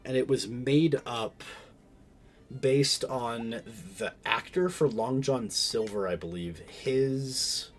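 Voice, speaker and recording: A man's voice: mid-range voice, takes it slowly. A man streaming a game, chatting casually in a rambling way, often stopping and restarting his sentences. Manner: rambling, self-interrupting, many fillers. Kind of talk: casual stream chat while gaming.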